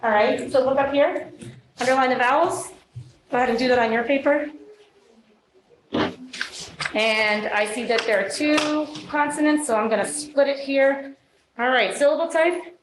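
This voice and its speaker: In a classroom, a woman teacher leads a phonics lesson, coaching young students in an encouraging, upbeat way. Her voice sits high, at a moderate pace with frequent pauses, and the echoey room carries crowd noise and children's voices.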